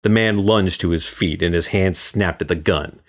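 A Floridian man with a low-sitting voice reads a crime story as a guest narrator. His scripted audiobook delivery is measured and even.

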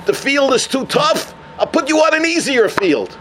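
A man's voice: very high-pitched, big pitch swings, moderate pace, a bit bright, slight background noise, voice pushed up, exaggerated voice, low-quality recording. A man playing an exasperated old father. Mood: scolding. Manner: scolding, singsong rhyming.

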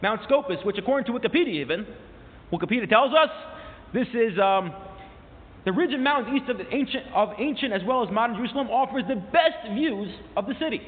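A man teaching a class, retelling a story with animated rising emphasis and quoting old sources as he goes. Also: very high voice, quick pace. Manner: mixes in quoted source phrases and restarts. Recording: tinny phone-like sound with long hall reverb.

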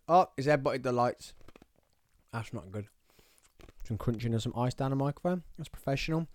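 A man's voice: medium pitch, no room sound, studio quality. Chatty English man hosting a podcast. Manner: chatty, self-mocking, easily distracted. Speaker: podcast host. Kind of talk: casual chat. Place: small studio. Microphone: studio microphone.

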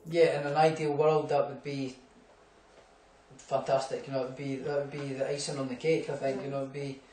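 A young boxer from Scotland speaks fairly quickly in a mid-range, slightly mellow voice with a level tone, recorded from a distance. The room echoes and hums faintly as he tells loose, rambling anecdotes in a casual interview, with fillers and laughs throughout.

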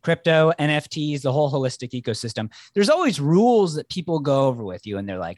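Animated man telling rambling stories. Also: a little high, quick pace, hardly any pauses, dry recording, clean studio sound. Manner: lively, rambling storyteller. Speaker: podcast guest and manager. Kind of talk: casual chat.

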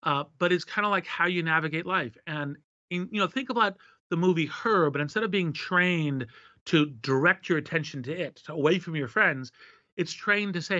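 A man's voice: a little high, normal speed, sharp tone, dry recording. A man answering an interviewer's questions at length, expansive and talking in running lists and acted-out examples. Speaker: guest, tech investor. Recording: dull, slightly lo-fi dry sound.

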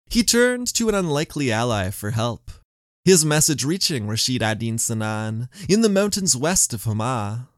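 A man's voice: medium pitch, no room sound, studio quality. A man hosting a history podcast, telling the story in scripted narration with wry asides.

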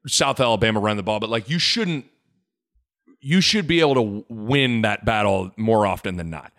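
A man hosting a sports talk show in a loose, joking way. His pitch moves around a lot as he talks, and he circles back over his own points with plenty of restarts. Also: normal speed. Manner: animated, rambling with restarts, jokey. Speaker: sports podcast host. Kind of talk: casual sports chat.

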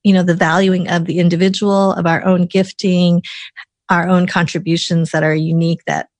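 A woman's voice: fairly low pitch, little pitch movement, normal speed, a little mellow, no room sound. A woman hosting an interview, affirming and attentive as she reflects and asks questions. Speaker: interviewer, host. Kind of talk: conversational interview.

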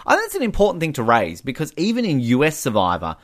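A man's voice: a little high, fast. A man co-hosting a podcast, chatting casually and animatedly with lots of "like" fillers. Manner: animated, many "like" fillers, giggles often. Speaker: podcast co-host. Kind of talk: casual recap chat.

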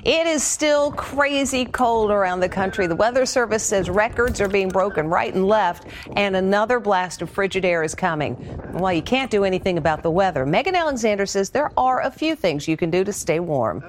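A woman news anchor reading scripted segment introductions in a brisk, conversational way. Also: medium pitch, animated, slight background noise.

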